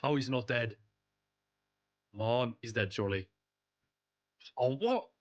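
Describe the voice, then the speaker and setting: A young man giving live commentary on his own gameplay, excitable and pleading with the game. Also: medium pitch, a little slow, highs cut off. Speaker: gaming streamer.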